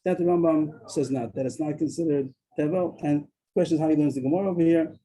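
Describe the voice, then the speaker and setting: A man leads a Talmud study class on a video call. He explains at a rapid clip in a dark, mellow voice, often stopping to restart his sentences. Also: a little high, poor audio. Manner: explains quickly, with frequent restarts.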